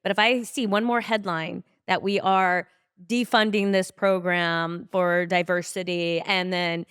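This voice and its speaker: A woman's voice: fairly low pitch, steady tone, measured pace, fairly bright tone, clean tone, dry recording, clean studio sound. A woman hosting a podcast, chatting casually and enthusiastically, often agreeing with her guest. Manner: enthusiastic, frequent agreeing and laughing. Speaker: podcast host. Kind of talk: casual conversation.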